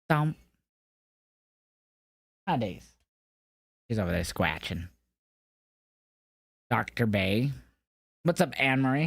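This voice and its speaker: A man's voice: medium pitch, animated, slow, creaky, pauses often, dry recording. A man hosting a live reaction stream from home, joking with his chat and talking to his dog. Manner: chatty, jokey, talks to chat and his dog. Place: home room with carpet. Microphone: mic on a stand.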